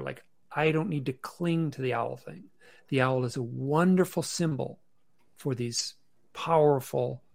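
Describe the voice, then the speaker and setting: A man as a podcast guest on a video call from his bedroom, telling a story in a casual, halting way with many restarts and fillers. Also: medium pitch, gravelly, no echo. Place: bedroom at home.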